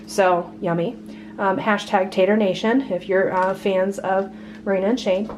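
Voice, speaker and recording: A woman's voice: mid-range voice, moderate pace, a little hiss or hum. A woman chatting casually through her grocery haul at home, chatty and worn out from being sick. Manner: chatty, lively price rundown, frequent laughs. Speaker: vlogger.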